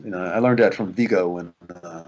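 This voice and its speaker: A man's voice: low voice, brisk, a little mellow, highs cut off, slight background noise. A male actor in a casual interview, telling behind-the-scenes stories animatedly, acting out quotes and laughing often.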